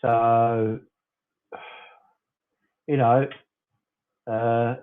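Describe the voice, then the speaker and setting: A man's voice: mid-range voice, little pitch movement, very slow, clear, resonant tone. A man in his forties from southern England, hosting a casual fan livestream, chatting loosely and arguing back at commenters he calls "fella". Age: 40s. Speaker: fan channel host. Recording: tinny phone-like sound.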